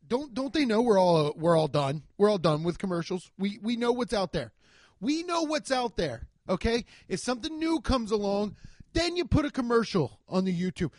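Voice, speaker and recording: A man hosting his own podcast from home, ranting in a rambling, profane, animated way. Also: very high voice, fairly quick, no room sound, studio quality. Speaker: podcast host. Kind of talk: solo comedic rant. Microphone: desk microphone.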